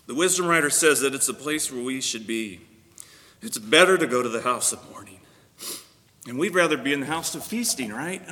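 A man's voice: medium pitch, animated, a little fast, bright, forceful tone. A man pastor giving a sermon, praying and then preaching earnestly with frequent fillers. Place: church sanctuary. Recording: long reverb of a church hall.

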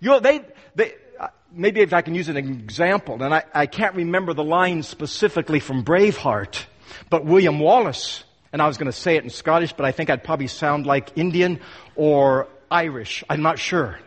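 A man delivers an expository sermon in a fairly high voice at normal speed. He is emphatic, fires off rhetorical questions, and acts out the voices he quotes. A long hall reverb hangs on the recording.

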